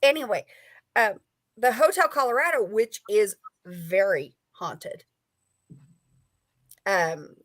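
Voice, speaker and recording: The guest is a woman author and paranormal investigator telling a story in a casual interview, rambling and chatty with heavy use of fillers. She speaks slowly with long pauses in a mid-range, slightly bright voice, with no echo.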